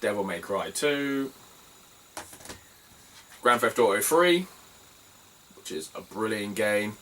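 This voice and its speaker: A man's voice: lowish voice, lively intonation, takes it slowly, pushed and bright, far from the mic, slight background noise, poor audio. A British man chatting casually in a vlog about his retro game finds, rambling, swearing freely and laughing as he tells stories. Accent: British English. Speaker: retro game collector vlogger.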